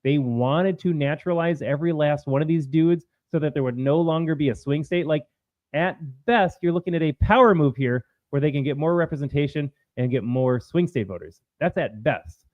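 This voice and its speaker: A man's voice: a little high, moderate pace, lo-fi sound. A man hosting a political livestream, talking in a combative, sarcastic way. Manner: combative, sarcastic, mocking voices of opponents. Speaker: political commentary host. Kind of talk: livestream commentary.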